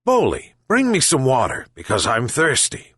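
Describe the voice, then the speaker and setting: A gentle old fisherman, voiced by a male narrator who calls his pets in a raised, carrying voice. The pitch jumps up high and swings widely as he shouts names across the house. The sound is close and dry. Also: huge pitch swings, normal speed, slightly rough, no echo, exaggerated voice. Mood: calling. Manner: calling out loudly.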